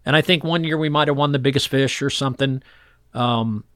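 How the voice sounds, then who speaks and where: A man who works as a fishing guide, telling old stories in a relaxed interview and acting out the voices of people in them. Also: medium pitch, fairly quick, no room sound, studio quality. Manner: animated storyteller acting out voices in quotes. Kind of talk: storytelling interview chat.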